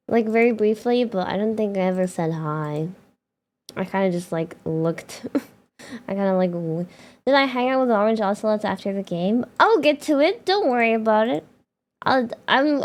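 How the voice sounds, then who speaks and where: A young woman VTuber telling a story to her chat in a casual, rambling way, laughing often and full of fillers. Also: mid-range voice. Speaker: VTuber streamer.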